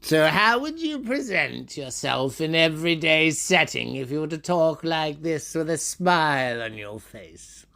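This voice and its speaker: A man performing a dramatic spoken monologue, his voice gravelly and full of fry. He talks slowly and unhurriedly, and his pitch leaps about, from bright and sing-song down to a low, sneering growl. He keeps turning to call out to listeners who aren't there. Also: lively intonation. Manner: playful, addressing imagined listeners by name. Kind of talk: theatrical spoken monologue and storytelling.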